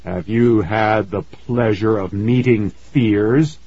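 A sinister ghost leader speaks slowly in a deep, coldly calm voice, with icy menace under polite words, as a man acts him out. There is a husky grain to the voice. The storybook recording sounds slightly muffled and dry. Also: no echo, full character voice. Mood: coldly menacing. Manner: deep, slow, coldly smooth.

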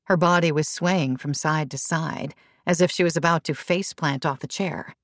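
A woman reading a novel aloud in steady, even scripted narration at a close mic. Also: sits low, normal speed, no room sound. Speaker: audiobook narrator.

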